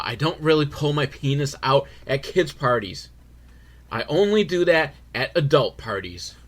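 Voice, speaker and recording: A man's voice: mid-range voice, a bit bright. A man giving a comedic movie recap, rambling and sardonic, with crude jokes and frequent swearing.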